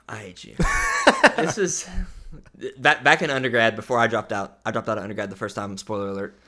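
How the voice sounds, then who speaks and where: A young man co-hosting a casual podcast, telling stories and laughing loudly at his own jokes. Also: fairly low pitch, moderate pace. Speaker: podcast co-host. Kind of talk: casual chat.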